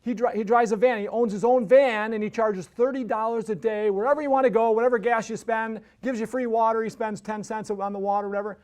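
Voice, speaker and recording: A man's voice: high-pitched, steady tone, a little fast, few pauses, a little mellow. A man hosting a podcast, telling a casual story that rambles with many restarts and tag questions. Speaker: podcast host.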